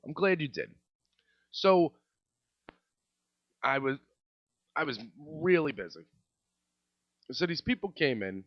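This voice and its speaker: A man's voice: on the high side, very animated, moderate pace, pauses often, dry recording. A man in his thirties, a podcast host telling comedic stories in a profane, exasperated rant. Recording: dull lo-fi, dry.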